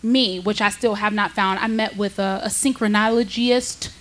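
A woman in her thirties, a stand-up comedian, telling a personal story in a candid, animated way, with laughs between lines. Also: normal speed. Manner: candid, animated, jumps high in pitch for quoted voices, laughs between lines.

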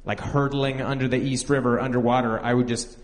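A man's voice: medium pitch, steady tone, fairly quick, in a large hall. A young man telling a candid, rambling personal story, acting out the lines of the people in it. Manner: candid, rambling, full of "like" and acted-out quotes.

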